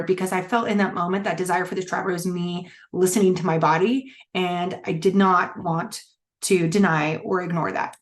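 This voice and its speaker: A woman's voice: lowish voice, steady tone, normal speed. A middle-aged woman coaching a wellness challenge, talking candidly and casually with many fillers and restarts. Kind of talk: casual teaching talk.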